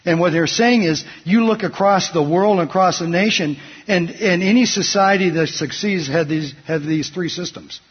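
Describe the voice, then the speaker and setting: A man's voice: high-pitched, normal speed, breathy edge. A man preaching a sermon, asking the congregation to fill in words and telling stories from his week. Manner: asks the congregation fill-in questions. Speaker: pastor. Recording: dull sound, long hall reverb.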